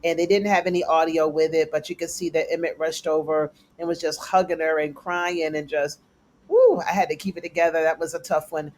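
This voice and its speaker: This is a casual recap host talking through a TV episode in a chatty, everyday way. The voice sits at a middling pitch. The speaker jumps higher to act out what the characters say. A faint hum of room ambience runs underneath. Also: flat delivery, brisk, few pauses. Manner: chatty, colloquial, acts out characters' lines in a raised voice. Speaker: TV recap reviewer.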